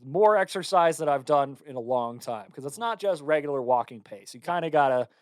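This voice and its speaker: Podcast co-host, young man, high voice, dry close studio sound, profane comic banter. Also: expressive, fairly quick, dry recording. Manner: joking, profane, bursts into mock voices. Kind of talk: casual comedic banter.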